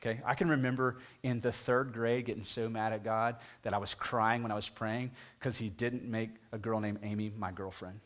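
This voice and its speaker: A pastor preaching a sermon, talking conversationally and putting direct questions to the congregation, his voice climbing higher and louder at emphatic moments. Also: fairly even intonation, normal speed, few pauses. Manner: rises in pitch and volume at emphatic points.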